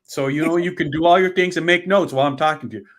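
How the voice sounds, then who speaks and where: A man's voice: fairly high pitch, fast talker, fairly bright tone. Rambling man explaining estates. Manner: rambling, restarts often, acts out complaining beneficiaries. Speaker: author and guest on estate planning. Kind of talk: conversational interview.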